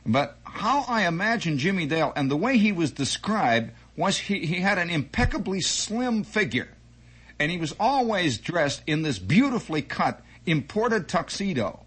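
Husky man telling a rambling story. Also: high-pitched, normal speed. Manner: digressive, animated, many restarts and asides. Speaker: radio host.

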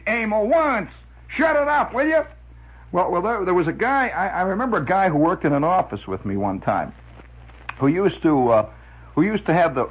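A male radio host rambles through a digressive story, chuckling and restarting as he goes. His voice is husky and a bit high, and it rises and falls a lot. It comes over a dull, lo-fi radio recording.

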